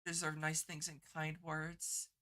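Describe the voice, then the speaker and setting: A woman streamer in casual live-stream chat, teary and congested from crying, halting and stumbling over her words. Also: deep voice, monotone, pushed and bright.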